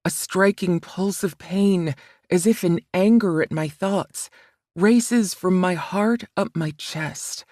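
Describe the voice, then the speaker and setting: A woman narrating a romance audiobook in the first person, with a soft, measured, emotional reading. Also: lowish voice, dry recording, studio quality.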